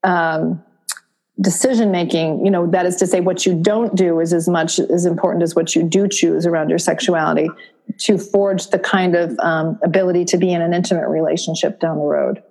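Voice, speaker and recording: A woman from Vermont, a therapist, explaining her courses to an interviewer in a steady, explanatory way. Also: lowish voice, moderate pace, creaky. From Vermont, USA. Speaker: therapist and course creator, guest. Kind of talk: interview answers.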